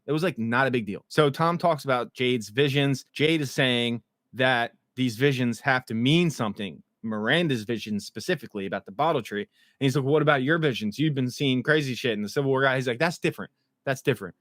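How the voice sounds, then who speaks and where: A man casually recapping TV episodes, excited and swearing, acting out the characters' lines as he goes. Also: mid-range voice, no echo, studio quality. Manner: excited, swearing, acts out quotes. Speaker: show recap host.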